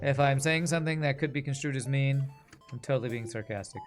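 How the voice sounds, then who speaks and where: While playing a game on stream, a man with a mid-range voice keeps up quick, casual commentary, trading sarcastic jokes with his viewers. Game music runs behind him.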